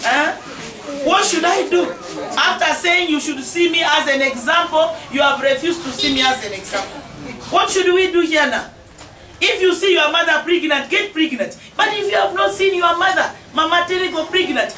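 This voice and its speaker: A high-pitched Ugandan woman in her forties exhorting a crowd, her voice loud and animated with laughter. She is caught from a distance in an echoey space, with noise around her. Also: normal speed. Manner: emphatic, exhorting, often raising her voice with laughter. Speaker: member of parliament. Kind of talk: public speech to a crowd.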